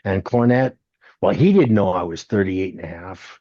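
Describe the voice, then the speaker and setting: In a storytelling interview, a man in his sixties who used to wrestle speaks in a low-pitched voice at normal speed, vividly performing the lines of people in his anecdotes. There's no room sound, and the audio comes across as dull, dry, and lo-fi.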